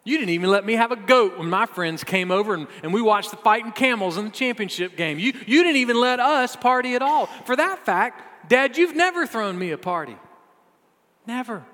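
A man's voice: very high-pitched, expressive, normal speed, fairly bright tone, in a large hall, voice pushed up. A man voicing a resentful older son, ranting in an exasperated, comically exaggerated complaint. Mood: indignant. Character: resentful grown older son, whiny and indignant.

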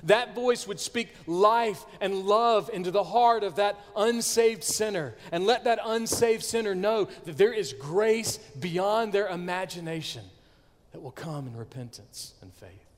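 A man preaching a sermon, swinging between loud declarations and hushed near-whispers. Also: high-pitched, a little slow. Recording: long hall reverb.

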